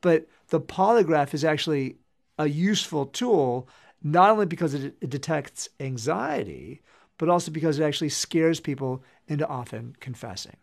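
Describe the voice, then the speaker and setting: A man giving an explanatory lecture in a measured way, acting out short example lines as he goes. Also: on the high side, lively intonation, gravelly. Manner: measured, acts out quoted examples.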